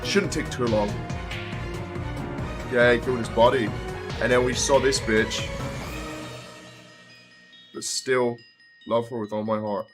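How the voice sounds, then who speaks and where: A man chatting through a horror game as a let's-play host, loose and joking with plenty of swearing. His pitch is ordinary, and soft game music plays faintly underneath. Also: fairly even intonation, takes it slowly, long pauses. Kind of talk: casual game commentary.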